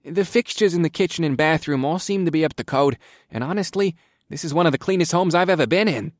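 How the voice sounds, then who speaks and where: A man's voice: on the high side, fast talker, dry recording, studio quality, pitched above the performer's own voice, natural voice. A man voicing a nervous, apologetic male health inspector who stammers when flustered.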